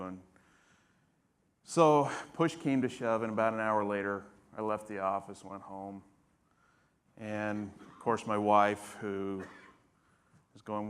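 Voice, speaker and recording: A man's voice: on the low side, fairly even intonation, measured pace, long pauses, fairly bright tone, clean tone. A man in his fifties, a patient, telling his story casually on stage, with humor and acted-out quotes of others. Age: 50s. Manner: casual, humorous, acts out others' lines in dialogue. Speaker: patient guest. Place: conference stage.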